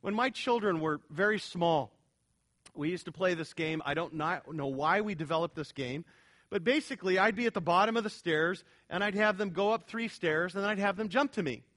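A middle-aged male pastor preaching a sermon, swinging from loud, emphatic stretches to quiet, earnest ones. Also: high voice, moderate pace.

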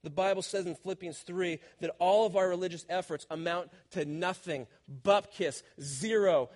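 A man preaching a sermon as a youth pastor, telling a personal story in an animated, self-deprecating way before pressing his point with rising emphasis. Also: high voice, moderate pace, few pauses.

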